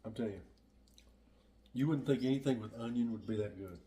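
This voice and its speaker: A man's voice: medium pitch, a little fast, warm tone. Easygoing Southern man chatting in a kitchen. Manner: easygoing, teasing. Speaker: pastor, the host's husband. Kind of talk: casual chat. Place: home kitchen.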